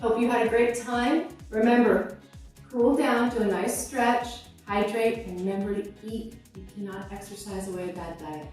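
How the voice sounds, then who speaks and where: A woman's voice: medium pitch, normal speed, darkish tone. A woman in her fifties leading a core workout, out of breath, encouraging and coaching through each exercise. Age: 50s. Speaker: fitness instructor. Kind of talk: workout instruction. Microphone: clip-on mic. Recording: echoey room, mic far off, music behind.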